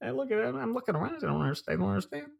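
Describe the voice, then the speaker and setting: A man's voice: very high voice, big pitch swings, racing, vocal fry, exaggerated voice. A man doing a rambling, stammering hack comic. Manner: rambling, stammering, self-promoting. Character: self-promoting male stand-up comic, corny. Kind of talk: comedy sketch.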